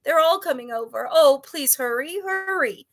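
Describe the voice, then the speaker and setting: A woman voicing a frantic young male baby dragon in a storybook reading, calling out in high, pleading, breathless cries. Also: animated, normal speed.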